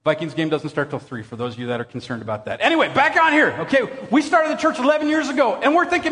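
A middle-aged man preaching a sermon as pastor, conversational and animated, telling jokey stories with bursts of shouting. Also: sits high, fast, few pauses. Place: church hall. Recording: long hall reverb.

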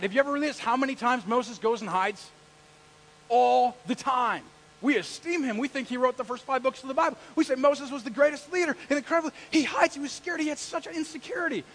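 Preacher guy with a high bright voice giving a sermon, super lively, acts stuff out. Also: fairly quick, poor audio. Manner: animated, acts out scripture scenes. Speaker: pastor.

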